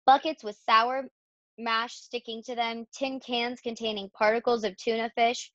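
A woman's voice: a little high, little pitch movement, measured pace, no echo, muffled recording, lightly acted. A woman voicing a wise old sheep who lingers over long lists. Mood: persuasive.

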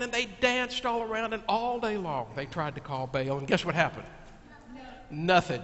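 A fairly high-voiced male pastor tells a Bible story to children with lively, animated delivery, loudly acting out the cries of a crowd. He is heard in a church with a long, hanging reverb, and the sound is dull and slightly muffled. A faint hiss sits under the voice. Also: moderate pace. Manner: animated, shouts quoted cries. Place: church sanctuary.

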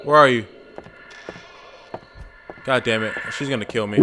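A man's voice: mid-range voice, moderate pace, long pauses, crowd noise. A man playing a horror game while commenting on it, muttering, swearing and breaking into frantic outbursts. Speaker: gaming YouTuber.

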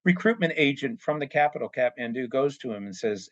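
An earnest man talks plainly and steadily, laying out his points one by one. His voice sits at an ordinary middle pitch. The recording is dry and slightly dull. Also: expressive, brisk, few pauses, no room sound. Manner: earnest, plain-spoken, acts out short quoted exchanges. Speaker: anti-trafficking speaker. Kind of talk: explanatory talk with acted-out dialogue.

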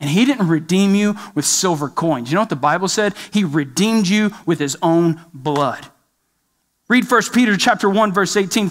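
High-voiced, emphatic male preacher. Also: moderate pace, a bit bright. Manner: emphatic, repetitive preaching with direct questions. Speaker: pastor. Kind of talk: sermon.

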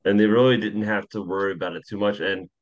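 A man with a very deep voice gives a steady, analytical read of the game. He talks like a co-host on a casual podcast. The recording is somewhat dull and lo-fi. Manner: measured, analytical.

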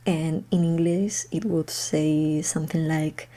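A woman's voice: sits low, steady tone, slow, hardly any pauses, dark tone. A woman from Spain, hosting her podcast in a casual, unedited monologue, chatty and hesitant with frequent laughs. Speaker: podcast host. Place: home room.

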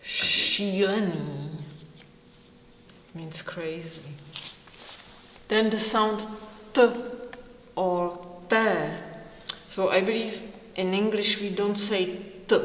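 A woman with a Czech accent, a native Czech speaker, teaching pronunciation slowly and carefully, demonstrating each sound. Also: medium pitch, fairly even intonation. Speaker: language teacher. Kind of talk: pronunciation lesson. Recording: roomy hall reverb.

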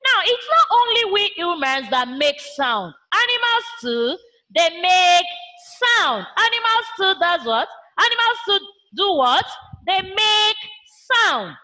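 A woman's voice: very high voice, big pitch swings, takes it slowly, sharp tone. A woman with a Nigerian English accent teaching a primary school science lesson online, using call-and-response questions and imitating animal sounds for the children.

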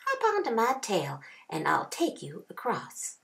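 Brief: storybook coyote, crafty and coaxing, gravelly, unhurried, read by a woman. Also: mid-range voice, wildly swooping pitch, a bit bright, distant mic, full character voice. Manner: coaxing, friendly-sounding. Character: sly smooth-talking male coyote.

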